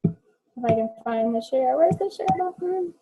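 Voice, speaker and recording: A woman's voice: high voice, expressive, unhurried, over loud music, poor audio. A woman hosting an online session over a video call, chatting casually and fumbling a little while she shares her screen. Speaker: webinar host. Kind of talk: casual chat.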